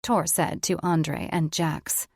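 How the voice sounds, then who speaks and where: A woman narrating a fantasy romance audiobook in a measured storytelling manner. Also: deep voice, fairly even intonation, a little mellow, husky, no room sound, studio quality. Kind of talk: scripted fiction narration.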